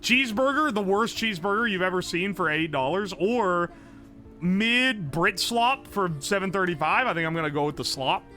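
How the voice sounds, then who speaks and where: A male streamer thinking aloud over a food guessing game, excitable and profane. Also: high-pitched, moderate pace, soft background music. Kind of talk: casual game commentary.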